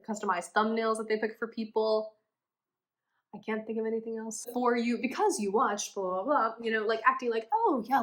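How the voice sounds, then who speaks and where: Woman, 20s, vlogger; loose rambling chat, salty, self-mocking, laughs a lot. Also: medium pitch. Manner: chatty, swears, self-deprecating, frequent laughs. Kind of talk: casual rambling chat while coloring.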